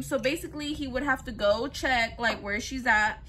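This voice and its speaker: A young woman with a fairly high, steady, slightly bright voice casually retells a true crime story at a fairly quick pace, with slight background noise. She's chatty and loose, uses plenty of fillers, and briefly acts out what people said.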